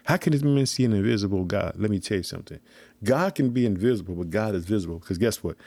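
A man's voice: fairly low pitch, animated, fast, a little mellow, no echo. A man giving an informal sermon on scripture, emphatic and repetitive, calling his listeners family. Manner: emphatic, repeats himself, calls listeners "family". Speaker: preacher teaching scripture.

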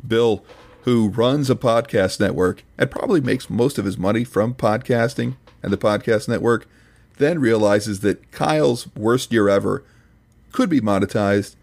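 Gravelly low-voiced man, deadpan. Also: measured pace. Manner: dry, mock-serious, pedantic. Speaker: podcast host reviewing another podcast. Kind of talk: scripted comedic commentary.

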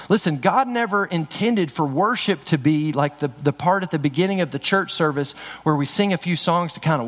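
A middle-aged man preaching a sermon in a church, talking conversationally with frequent restarts. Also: on the high side. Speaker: pastor. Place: church sanctuary. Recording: long hall reverb.

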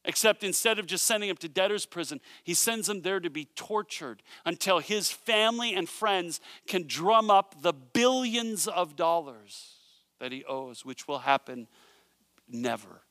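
A man preaching a sermon, retelling a parable in an animated storytelling way with joking asides. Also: sits high, unhurried, no echo. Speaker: pastor.

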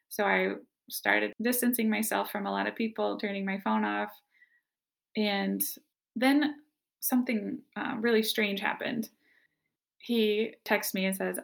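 A woman tells her own story as a guest, talking casually and dropping "like" into her sentences. Her voice is heavily creaky and gravelly throughout, with a relaxed, conversational delivery. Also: mid-range voice, unhurried. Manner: casual, conversational, fills speech with "like". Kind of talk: personal storytelling.

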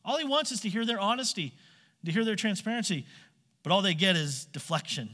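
Bright-voiced man preaching in a hall. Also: high-pitched, animated, brisk. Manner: acts out quoted voices, direct questions to listeners. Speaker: pastor. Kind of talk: sermon. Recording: long hall reverb.

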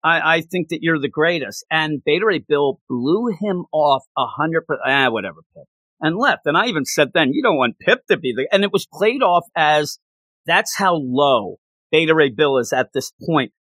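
A man excitedly recapping a comic book issue in casual chat, laughing and acting out lines as he goes. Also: fairly high pitch, moderate pace, dry recording. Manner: animated, laughs while retelling, acts out quotes. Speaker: comic book podcast co-host.

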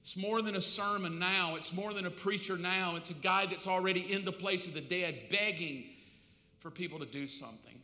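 A man preaching a sermon as pastor, dramatic, swinging between loud preaching and hushed, confessional asides. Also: high-pitched, normal speed, reverberant, long reverb tail.

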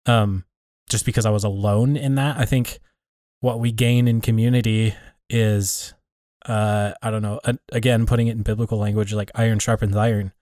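A man in a relaxed conversation, thinking aloud about community and faith, often restarting and rephrasing as he works out his point. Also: on the low side, moderate pace, dry recording, studio quality. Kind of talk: reflective casual conversation.

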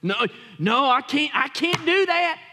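A man's voice: very high voice, expressive, unhurried, sharp tone, pitched above the performer's own voice, exaggerated voice. A man acting out a wounded churchgoer who stammers that he cannot forgive, in a reverberant hall. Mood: aggrieved. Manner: pleading, stammering. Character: hurt churchgoer refusing to forgive.

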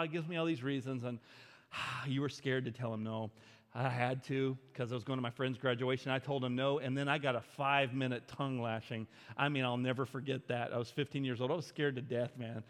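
A man's voice: mid-range voice, steady tone, fairly quick, fairly bright tone. Man preaching in a big echoing hall. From Arkansas, US. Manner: conversational, self-deprecating storyteller with frequent fillers. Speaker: pastor. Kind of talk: sermon with a personal story. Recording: long reverb of a big hall.

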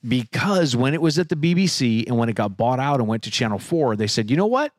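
A man's voice: mid-range voice, brisk, no echo, studio quality. A man co-hosting a podcast, chatting casually and laughing as he explains at length. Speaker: podcast co-host. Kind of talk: casual chat.

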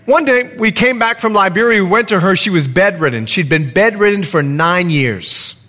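A middle-aged man pastor preaching a sermon, telling stories earnestly and dropping to a hush on solemn points. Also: high voice, lively intonation, normal speed.

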